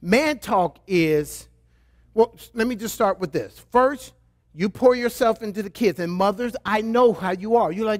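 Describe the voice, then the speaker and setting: A male pastor preaching a sermon, reading scripture and turning to playful, animated asides to the congregation. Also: high voice, moderate pace.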